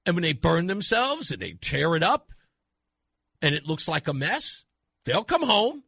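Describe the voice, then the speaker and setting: A man hosting a talk radio show, delivering an animated, mocking opinion monologue. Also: a little high, normal speed, creaky, slightly rough, dry recording, studio quality. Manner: animated, mocking, acts out voices.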